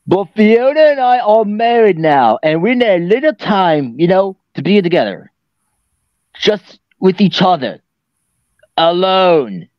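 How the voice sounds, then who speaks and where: A man plays a sarcastic, grumbling ogre husband with a lively, swinging pitch. The voice is dry and close, with a dull home-mic sound. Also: unhurried, no echo. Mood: teasing. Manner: gruff, sarcastic, tries a Scottish accent. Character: grumpy male ogre husband. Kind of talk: fan dub of an animated film.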